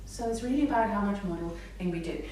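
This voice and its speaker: A woman speech therapist giving a live talk to parents, animated, acting out words in a sing-song voice. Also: mid-range voice, fast. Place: hall with a live audience. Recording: echoey room, mic far off, faint noise.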